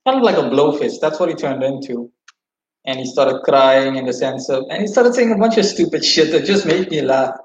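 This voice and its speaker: A man's voice: fairly high pitch, a little fast, slight background noise. A man telling a long story to his livestream viewers, rambling, cursing and restarting as he goes. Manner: rambling, profane, animated retelling. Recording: roomy, slightly dull sound.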